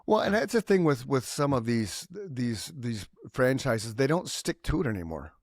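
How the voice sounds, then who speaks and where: A man's voice: mid-range voice, moderate pace, no echo, studio quality. A man co-hosting a podcast in casual chat, talking with energy and often repeating himself as he hunts for words. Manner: animated, repeats himself while searching for words, swears casually. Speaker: podcast co-host.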